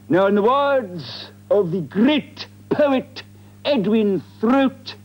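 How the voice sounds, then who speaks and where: A man plays a pompous judge in a comedy sketch, holding forth to the jury in a high voice. He speaks slowly and grandly. The audio is dull and lo-fi. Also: lively intonation. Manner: pompous courtroom address. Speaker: mock judge.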